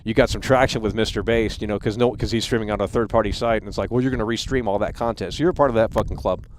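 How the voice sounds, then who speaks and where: A man's voice: lowish voice, very fast, slight background noise. Angry, profane male livestream host. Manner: heated, profane, repeats and stumbles over words. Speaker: live stream host.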